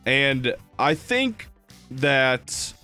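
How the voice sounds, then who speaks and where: A young man co-hosting a podcast in casual chat. He tells relaxed, joking stories and now and then slips into a mock Russian voice for a laugh. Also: medium pitch, extremely slow, clean tone, faint music behind. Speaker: podcast co-host. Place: Los Angeles.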